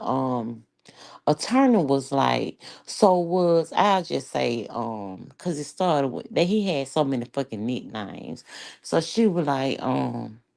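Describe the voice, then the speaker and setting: A woman with an Atlanta accent rambles to her viewers in a loose, chatty vlog, cursing as she goes. Her voice sits very low and gravelly, and she takes her time. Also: a little mellow. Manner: rambling, chatty, swearing freely. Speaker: YouTube vlogger. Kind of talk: casual chat to viewers.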